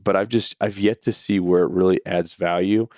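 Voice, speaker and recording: A man's voice: low voice, fairly even intonation, moderate pace, darkish tone, no room sound, studio quality. A man in his thirties hosting a podcast, telling a family story in a casual, chatty way with frequent restarts. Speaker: podcast host.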